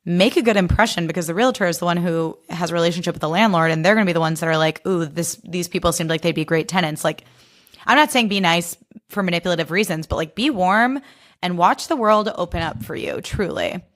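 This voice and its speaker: A woman's voice: on the low side, animated, a bit bright. Young woman rambling on her podcast, sarcastic, swears a lot, says like constantly. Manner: chatty, fast, sarcastic, swears a lot, heavy 'like' fillers. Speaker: podcast host. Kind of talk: casual chat.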